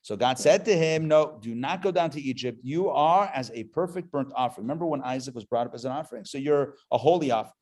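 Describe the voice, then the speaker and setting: A man, a rabbi, teaching a live adult class in a playful, animated way, full of jokes and rhetorical questions. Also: medium pitch, fast talker, hardly any pauses. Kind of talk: live adult education lecture.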